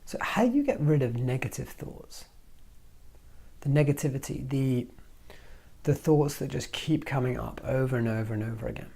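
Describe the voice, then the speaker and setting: Man, self-help video host, breathy voice, animated motivational talk, mid pitch. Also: moderate pace. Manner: animated, acts out inner thoughts in hushed voices.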